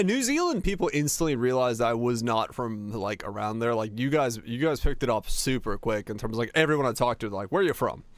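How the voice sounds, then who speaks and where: A man's voice: mid-range voice, no echo. Man rambling casually on stream. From Finland. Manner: rambling, many restarts and fillers, chuckling. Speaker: game streamer. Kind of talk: casual chat while streaming, answering chat.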